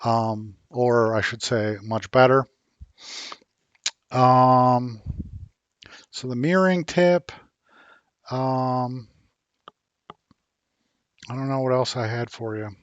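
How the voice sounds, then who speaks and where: A man chats in a slow, halting way, stopping often for ums and starting sentences over. His voice sits at a middle pitch and sounds a little tired. It is recorded dry, with no room sound. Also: clear, resonant tone, no echo, lo-fi sound. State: a bit worn out. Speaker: vlogger learning Spanish. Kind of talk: casual vlog chat.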